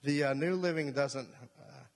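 A man's voice: on the high side, steady tone, moderate pace. A male pastor preaching a sermon, emphatic, repeating key points and asking the congregation questions. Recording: long reverb of a hall.

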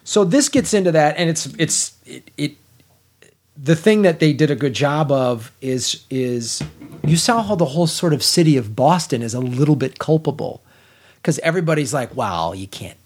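A middle-aged man co-hosting a podcast, reviewing a film in casual chat, blunt and animated, swearing freely and often restarting his sentences. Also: a little high, moderate pace.

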